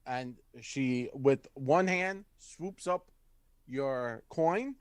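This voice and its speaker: A male game master narrating a tabletop game, his pitch mid-range. His delivery is measured and descriptive, dotted with fillers, and the sound is close and dry. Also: clean tone, dry recording.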